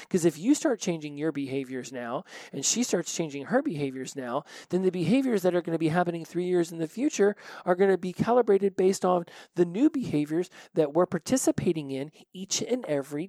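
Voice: mid-range voice, darkish tone, dry recording. A podcast host speaking in an emphatic monologue, with rhetorical questions and casual swearing. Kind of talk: solo recovery podcast monologue.

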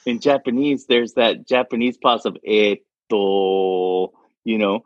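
A man's voice: medium pitch, fairly even intonation, normal speed, no room sound. A middle-aged man chatting casually as a guest, joking and laughing often as he talks. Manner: jokey, laughs often, restarts. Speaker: podcast guest. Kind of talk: casual interview chat. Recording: dull lo-fi sound.

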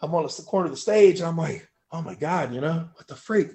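Talking fast and animatedly, a male powerlifter recounts a story during a casual podcast chat, cursing without restraint. Any time he quotes his own words, he gets suddenly louder and higher.

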